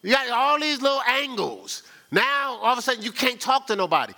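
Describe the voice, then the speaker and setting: A man's voice: very high voice, sing-song, fairly quick, hardly any pauses, sharp tone. A male pastor preaching a sermon in a colloquial, conversational way, often asking the crowd "right?". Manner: call-and-response, asks "right?".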